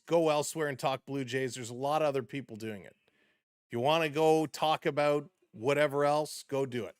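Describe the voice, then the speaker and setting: A man's voice: fairly quick, clear, resonant tone, no echo, clean studio sound. A man streaming live hockey play-by-play in a casual way, greeting chat viewers between calls and rising sharply on big plays. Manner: rises sharply in pitch and volume on big plays.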